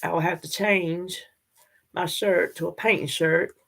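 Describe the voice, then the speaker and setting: A woman's voice: fairly low pitch, a little slow, gravelly. An older woman, chatting casually and directly to her viewers in a vlog. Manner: chatty, animated, talks straight to viewers. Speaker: vlogger.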